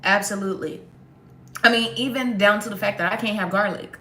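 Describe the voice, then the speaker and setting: Young woman, casual livestream chat, sarcastic, laughs a lot, bright voice, echoey room. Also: mid-range voice, a little fast. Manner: sarcastic, laughs often, talks straight to viewers. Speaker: livestream host.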